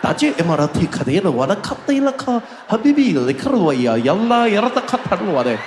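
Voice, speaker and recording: Man putting on a pompous male airline announcer, sing-song, babbling, loud. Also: sits high, very animated, fairly quick, roomy sound, noisy background. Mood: grandiose. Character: grand male airline safety-video announcer.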